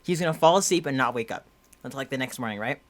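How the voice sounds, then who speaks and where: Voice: mid-range voice, lively intonation, very fast. A young adult podcast co-host telling a story in casual chat, rambling and full of "like" and restarts. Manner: rambling, heavy use of "like" and restarts.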